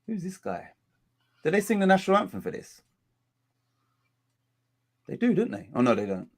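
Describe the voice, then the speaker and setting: A man's voice: high voice, wildly swooping pitch, normal speed. A man hosting a football watch-along stream, talking in a rambling, chatty way and often correcting himself. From England. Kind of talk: casual live-stream chat.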